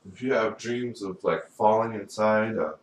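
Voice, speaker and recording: A man's voice: fairly low pitch, moderate pace. A man talking in a rambling, profane solo monologue, often filling with "you know". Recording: echoey room, voice far from mic, faint background noise.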